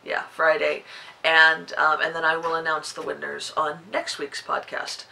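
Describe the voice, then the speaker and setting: A woman's voice: deep voice, little pitch movement, unhurried, vocal fry, bright, forceful tone, poor audio. A woman in her forties hosting her knitting podcast, chatting casually to the camera and rambling with lots of fillers. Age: 40s.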